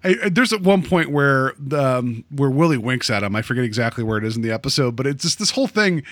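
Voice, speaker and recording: A man's voice: medium pitch, no room sound, studio quality. A man co-hosting a podcast, animatedly discussing a TV episode and laughing as he talks. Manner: animated, slips into quick impressions, laughs. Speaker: podcast co-host.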